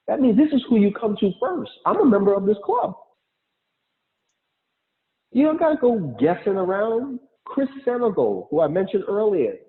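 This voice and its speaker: New guy hyping up a call, super animated, tinny phone-line sound. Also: high-pitched. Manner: animated, acts out quotes, laughs. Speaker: guest speaker. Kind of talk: lively motivational talk on an online call. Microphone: online call.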